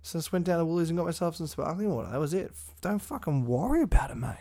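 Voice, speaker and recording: A man's voice: fairly high pitch, lively intonation, racing, mellow. A sick man, hosting a blunt, sweary motivational podcast solo. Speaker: podcast host.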